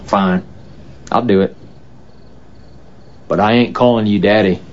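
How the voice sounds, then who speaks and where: A man's voice: fairly low pitch, steady tone, measured pace, natural voice. Brief: man as a frustrated son, exasperated and whiny; lo-fi film clip. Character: frustrated grown son, pizza delivery man.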